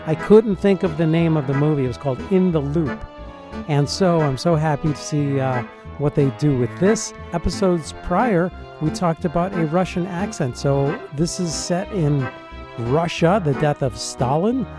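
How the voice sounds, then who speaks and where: A man's voice: fairly high pitch, normal speed, over music. A middle-aged man and dialect coach talking through a film in a musing, hesitant reaction commentary.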